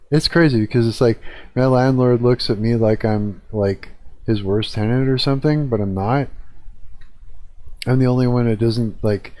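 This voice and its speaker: A man's voice: lowish voice, warm tone. A young man ranting casually and profanely to his live-stream viewers from his hot apartment, talking into a desk mic. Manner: profane, rambling, chatty with viewers. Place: hot apartment room with a fan. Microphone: desk mic at computer.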